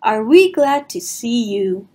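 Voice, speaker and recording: A gentle, friendly little toy bear from a picture book, put on by a woman reading aloud. He speaks in a sweet, wondering way, high and bouncy, with a soft breathy edge. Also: very animated, slow, heavily acted. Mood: relieved.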